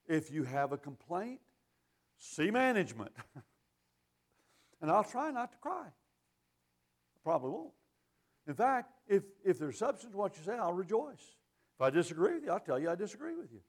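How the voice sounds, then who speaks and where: A man's voice: high-pitched, big pitch swings, normal speed, pauses often. A man preaching a sermon in a folksy, emphatic way, quoting scripture.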